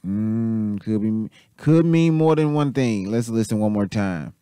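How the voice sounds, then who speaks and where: A man's voice: fairly low pitch, lively intonation, a little slow, dark tone, clean tone, no room sound. Casual man commenting in a dry voice. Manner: musing, thinking aloud, casual. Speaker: commentary show host. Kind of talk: casual commentary over played clips.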